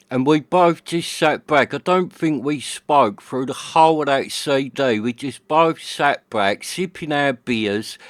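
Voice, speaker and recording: A man's voice: mid-range voice, clear, resonant tone, no echo. A man from the UK, a hifi vlogger telling a chatty, slangy story about his night at home. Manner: chatty, slangy, acts out his friend's and his own lines. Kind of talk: casual storytelling monologue. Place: home living room.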